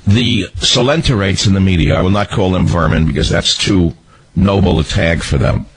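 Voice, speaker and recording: Husky, mocking radio host man. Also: low-pitched, normal speed, poor audio. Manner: mocking, sarcastic, scolding. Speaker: radio talk show host. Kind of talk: combative political talk radio monologue.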